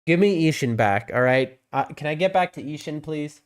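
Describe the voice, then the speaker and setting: Male streamer, slightly high voice, very animated, rambling chat over faint game music. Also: moderate pace. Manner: rambling, excitable, chatting with viewers. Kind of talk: casual live-stream chat.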